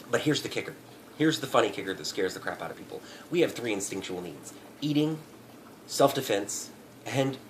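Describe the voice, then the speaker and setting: A man's voice: medium pitch, a bit bright. Guy vlogging a rambly sweary rant, laughs a bunch, faint noise behind. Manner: profane, rambling, laughs often. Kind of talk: comedic rant.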